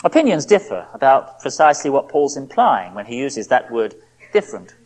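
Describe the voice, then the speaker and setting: Husky-voiced woman preaching with lively inflection. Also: a bass voice. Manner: expressive, voices the apostle's pleas with feeling; measured, reasoning aloud. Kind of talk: expository sermon.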